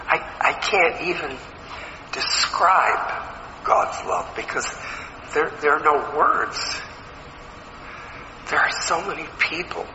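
A man's voice: fairly high pitch, bright, forceful tone, slight background noise. A man preaching a sermon, earnest and emphatic, asking his listeners questions. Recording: echoey hall, slightly dull sound.

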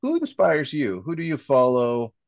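A male podcast host asks his questions in a halting way, stacking fillers and restarts. The recording sounds dull and lo-fi, with no room echo at all. His voice sits at a middle pitch. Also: wildly swooping pitch, gravelly, darkish tone. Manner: hesitant, filler-heavy questioning. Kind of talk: interview questions. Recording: dull, dry lo-fi audio.

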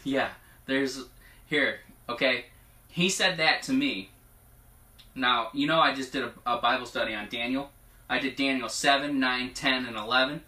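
Man, preacher, chatty and laughing, sometimes hushed and emotional, echoey room, distant mic. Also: mid-range voice, normal speed. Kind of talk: informal prophetic teaching with scripture reading.

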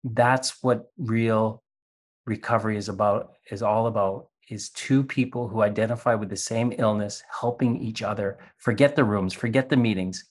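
An earnest man talks on a video call, his voice sitting a bit low. He speaks haltingly, restarting his sentences often, and now and then acts out voices to tell a story. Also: fairly even intonation. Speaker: interview guest. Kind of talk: candid conversation about recovery.

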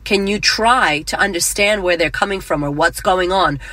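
A woman's voice: lowish voice, normal speed, bright, forceful tone, no echo. A middle-aged woman hosting a motivational podcast, talking bluntly and emphatically, with frequent swearing. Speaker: podcast host.

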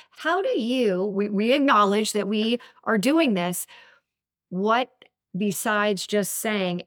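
A woman's voice: mid-range voice, lively intonation, a little slow, fairly bright tone, dry recording. Affirming woman host, dry sound. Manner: affirming, reflective questions. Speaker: podcast host. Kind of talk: casual interview talk.

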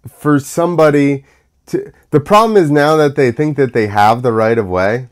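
A man's voice: a little high, unhurried, smooth. A young man hosting his own show, talking casually in a sarcastic, ranting monologue that drifts off on tangents. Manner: sarcastic, mocking. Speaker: show host.

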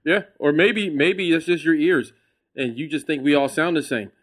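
Brash, joking male comedian, slightly high voice. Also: normal speed, fairly bright tone. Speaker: comedian guest. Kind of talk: casual chat.

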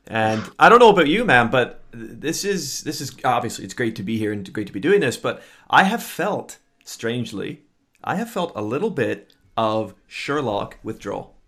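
A man's voice: medium pitch, very animated, moderate pace, a bit bright. A man hosting a casual podcast, chatty and upbeat, talking loosely with plenty of filler words. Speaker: podcast host.

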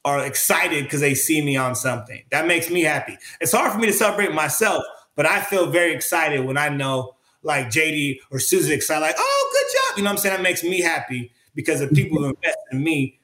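A man's voice: a little high, brisk, hardly any pauses, pushed and bright. Earnest man in a roomy interview. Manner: earnest, searching, many fillers and restarts. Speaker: interview guest, creative artist. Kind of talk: reflective conversational interview. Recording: roomy echo.

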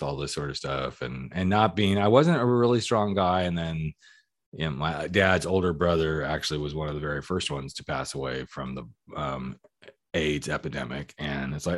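A man in his sixties leads an interview, thinking aloud and sharing pieces of his own past. His voice is very deep and low. He talks in an easy, conversational way. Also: animated, moderate pace. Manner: reflective, shares his own story.

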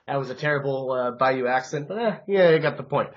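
A man co-hosting a podcast, chatting casually and excitably about football bets and mocking himself. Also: medium pitch, fairly quick, hardly any pauses. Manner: excitable, self-mocking, frequent restarts. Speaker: podcast co-host. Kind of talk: casual sports-betting chat. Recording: dull, muffled podcast audio.

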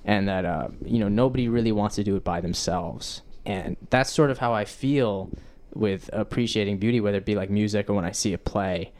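A young man on a podcast as a guest, speaking earnestly and haltingly with many fillers. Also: on the low side, a little mellow, slight background noise. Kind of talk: casual chat.

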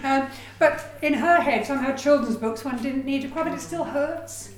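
A woman giving a lively, chatty lecture on her research, with personal asides. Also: high voice, normal speed, echoey room. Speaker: education researcher giving a talk. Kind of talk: lecture presentation.

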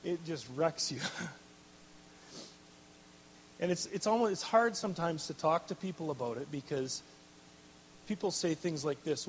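A man with a high voice preaches a storytelling sermon to a live crowd. He speaks in an animated way, laughs often and breaks off to restart his sentences. The sound rings with the long reverb of a large hall. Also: moderate pace, a little hiss or hum.

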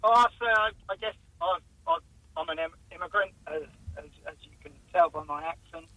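Man phoning into a radio show, higher voice, hesitant, heard on a dry, muffled phone line. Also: brisk, dry recording. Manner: hesitant, many fillers. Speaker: caller. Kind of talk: phone interview.

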